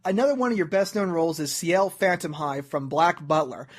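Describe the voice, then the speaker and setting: A man's voice: on the high side, a little fast. A man hosting a talk show interview, making jokes and often stumbling over his words. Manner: jokey, stumbles and repeats himself. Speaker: host.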